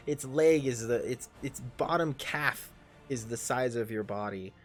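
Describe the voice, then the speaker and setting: A man in his thirties running a tabletop game on a livestream, excitable and swearing constantly as he narrates and shouts battle cries. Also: mid-range voice, slow pace, soft background music. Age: 30s. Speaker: game master and player.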